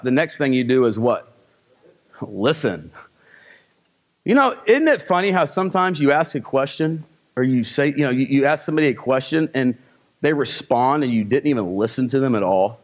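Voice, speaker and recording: A man's voice: medium pitch, lively intonation, moderate pace. A man teaching a live sales seminar. He fires off rhetorical questions and short, punchy commands from the stage. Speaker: sales trainer.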